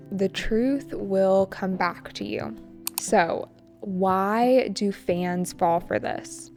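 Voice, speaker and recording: A woman narrating a scripted English lesson, explaining words and where their stress falls in a slow, clear way. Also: medium pitch. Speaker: English teacher. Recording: soft music underneath.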